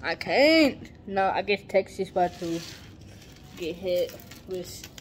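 A woman chatting casually in a daily vlog, animated and exclaiming, stretching out her words. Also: on the low side, takes it slowly, slight background noise. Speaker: vlogger.

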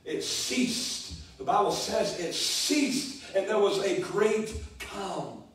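A man's voice: high voice, lively intonation, slow pace, fairly bright tone. A man preaching a sermon as pastor, speaking emphatically and repeating key words. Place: church sanctuary. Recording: echoey church, distant mic.

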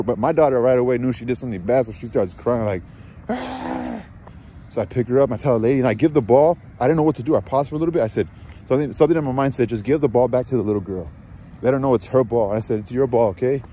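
A man's voice: mid-range voice, mellow, a little hiss or hum. A young man telling a casual story as a father, rambling with many fillers and sounding frustrated. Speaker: father vlogger.

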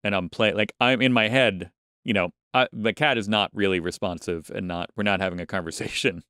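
This podcast co-host talks casually and rambles, restarting frequently. His lowish voice is brisk, sharp, and clean, recorded in a clean studio with no room sound.

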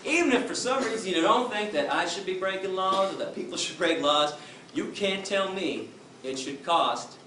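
A man speaks to an audience with forceful, emphatic conviction, his voice a little high for a man. He is picked up from far off in a very echoey lecture hall, with clear background noise. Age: 20s. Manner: forceful, emphatic, with acted-out quotes. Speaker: activist lecturer. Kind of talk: impassioned Q&A answer.

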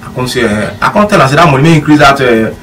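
A man's voice: mid-range voice, lively intonation, quick pace, a bit bright. A man with a Nigerian Pidgin accent, a former footballer telling a rambling story full of quoted dialogue in a casual chat. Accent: Nigerian Pidgin English. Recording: distant mic with faint room noise.

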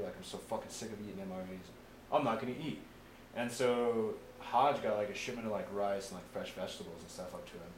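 A young man, a veteran, casually telling war stories, swearing often and acting out what people said. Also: lowish voice. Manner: profane, animated, acts out quotes. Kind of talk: casual oral history storytelling. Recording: echoey room with faint noise.

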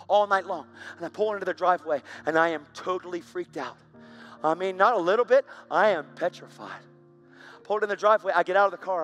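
A man giving an emotional testimony sermon, swinging from hushed whispers to loud outbursts. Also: a little high, a little fast, soft background music. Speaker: preacher.

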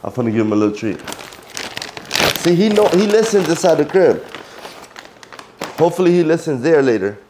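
A man's voice: a little high, sing-song, a little fast, long pauses, warm tone, a little hiss or hum. A man casually vlogging around his home, talking loosely with stumbles and repeats, and giving his dog firm repeated commands. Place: at home, indoors.

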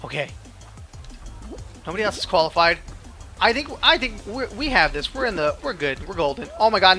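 A man giving excited, animated commentary over his own gameplay, yelping and laughing at his mishaps. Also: a little high, normal speed, soft background music. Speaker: gaming video host.

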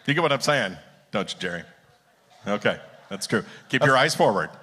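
A man's voice: mid-range voice, animated, moderate pace, sharp tone, husky. A man telling corny jokes at a live contest, teasing the crowd when they don't laugh. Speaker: joke contest entrant. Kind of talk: live stage joke-telling. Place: theater stage, live event. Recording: long theater hall reverb.

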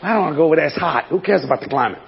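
An older man preaching a sermon, swinging between shouts and low folksy asides, with a gravelly voice. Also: expressive, very fast, long reverb tail, highs cut off.

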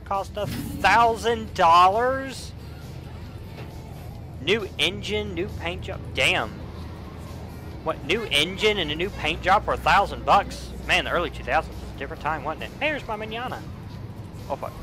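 A young man giving casual let's play commentary, with frequent profane, excitable outbursts. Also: high voice, a little slow, over music. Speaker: gamer.

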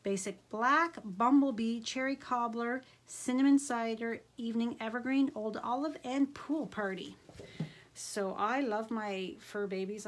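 A woman's voice: fairly high pitch, slight background noise. A middle-aged woman craft vlogger chatting casually while unboxing supplies, gushing and easily delighted.

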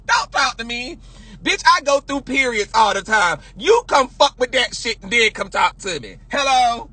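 Sassy loud guy ranting on his stream, bright high voice bouncing all over, keeps cackling. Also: animated, measured pace, breathy edge. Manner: loud, projecting, sassy, profane, laughs often. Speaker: livestream host. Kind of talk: casual livestream rant.

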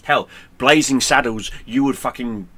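A man's voice: mid-range voice, measured pace, pushed and bright. A man, a gaming streamer, ranting to camera in a sarcastic, combative way with heavy swearing. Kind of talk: profane angry rant to camera.

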